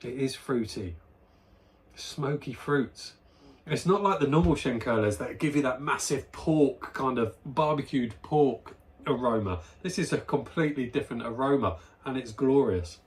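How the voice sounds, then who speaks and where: A man hosts his own beer review vlog at home near a barbecue area, speaking at a medium pitch and moderate pace over a little hiss or hum. He chats casually and enthusiastically while smelling and tasting a beer.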